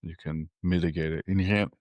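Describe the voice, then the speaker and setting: An American man hosting a podcast, chatting in a relaxed, laid-back way and swearing casually. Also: sits low, brisk, dry recording. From United States. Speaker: podcast host. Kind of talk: casual interview chat.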